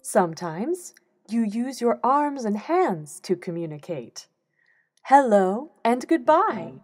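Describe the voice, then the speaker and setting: A woman reading a children's book aloud in an expressive way, acting out the quoted lines. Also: fairly high pitch, takes it slowly. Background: instrumental music.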